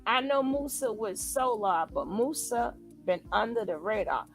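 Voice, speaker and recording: Speaking unhurriedly with vocal fry, a woman with a fairly high voice does casual live reactions over soft background music. She reads her chat and talks back to it. Lines she quotes are acted out animatedly in varied voices, with plenty of repetition.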